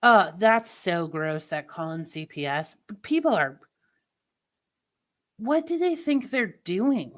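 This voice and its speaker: A woman's voice: mid-range voice, expressive, takes it slowly, fairly bright tone. A woman livestreamer in casual chat with her viewers, venting opinions in a chatty way. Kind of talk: casual live-stream chat.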